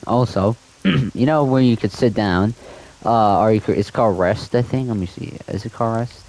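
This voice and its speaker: A man's voice: lowish voice, moderate pace, darkish tone, low-quality recording. A young man in a casual gaming vlog, ranting with frustration and repeating himself. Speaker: gaming video creator.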